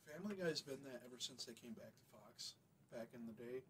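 Bright-voiced young man rambling in casual chat. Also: mid-range voice, a little fast, slight background noise, poor audio. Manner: rambling, heavy swearing, lots of fillers. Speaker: podcast co-host.

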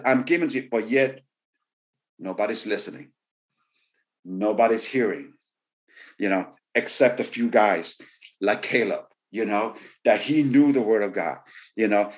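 A man preaching a sermon, repeating key phrases for emphasis and often saying "you know.". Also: medium pitch. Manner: frequent "you know" fillers. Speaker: pastor.

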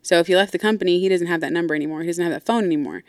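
Woman, lowish voice, smooth, casual storytelling, blunt and profane, dry. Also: rapid-fire, dry recording. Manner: blunt, profane, full of asides. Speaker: podcast host.

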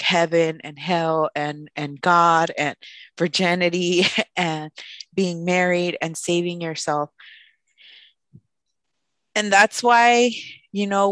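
A woman speaks in a lowish voice, sharing a personal story candidly on a podcast. Her delivery is emotional and open, and she drops phrases into her English. The recording is dry and close, with no room sound. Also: a bit bright, no room sound. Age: late 20s. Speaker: podcast co-host.

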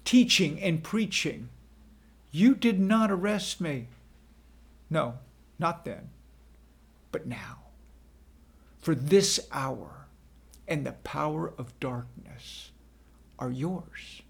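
A man voicing Jesus as a solemn, calm teacher, speaking in a slow, measured, grave way with a husky, gravelly voice. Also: fairly high pitch, heavily acted. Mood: stern.

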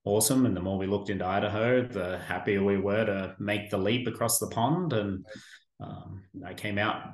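A man's voice: fairly low pitch, moderate pace. Easygoing Australian man, roomy sound. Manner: easygoing, self-deprecating humor. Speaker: staffing firm guest. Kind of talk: casual interview. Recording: roomy echo.

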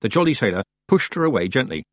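A man reads scripted audiobook narration in an expressive, measured storytelling style. His voice sits at a medium pitch, and the studio recording is clean with no echo.

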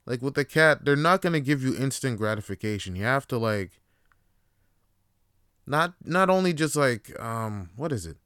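Rambling man with a smooth voice. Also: mid-range voice, expressive, moderate pace, fairly bright tone, no room sound, clean studio sound. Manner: rambling, with lots of fillers and restarts. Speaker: podcast host. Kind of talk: casual solo podcast monologue.

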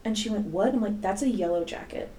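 A woman's voice: mid-range voice, quick pace. A young woman co-hosting a casual podcast, telling stories with lots of swearing and acted-out quotes. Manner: animated storyteller, swears, acts out quotes. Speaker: podcast co-host, middle school teacher. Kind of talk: casual chat.

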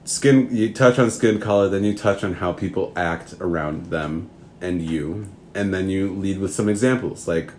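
Low-voiced guy from minnesota, earnest, keeps restarting his sentences, faint background hum. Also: moderate pace, a little mellow. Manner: earnest, rambling with many restarts. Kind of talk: reflective spoken answer.

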